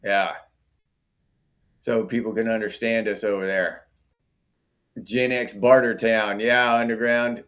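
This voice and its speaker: A man's voice: lowish voice, flat delivery, takes it slowly, long pauses, a bit bright. A middle-aged man hosting a casual livestream, chatting and answering viewer comments by name. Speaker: livestream host.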